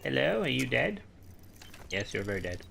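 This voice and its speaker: A man's voice: medium pitch, big pitch swings, moderate pace, vocal fry, bright, forceful tone, slight background noise. Chatty Irish man streaming a game. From Ireland. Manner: rambling, chatty, full of filler words. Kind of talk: casual gameplay commentary.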